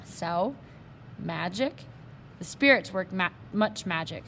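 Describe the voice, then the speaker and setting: A woman's voice: lowish voice, lively intonation, slow, vocal fry, fairly bright tone, a little hiss or hum, exaggerated voice. A woman doing Little Bear, a stern clipped warrior. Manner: clipped broken speech, commanding. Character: tiny stern warrior toy come alive, grown man.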